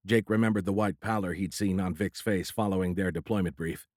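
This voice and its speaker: A man narrating an audiobook thriller in a steady, measured storytelling voice. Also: sits low, dry recording, clean studio sound. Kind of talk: scripted narration.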